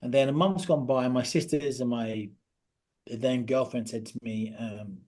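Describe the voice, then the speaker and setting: A man, a podcast guest telling a personal story in an earnest, halting way that often drops to a quiet voice. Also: medium pitch, steady tone. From Britain.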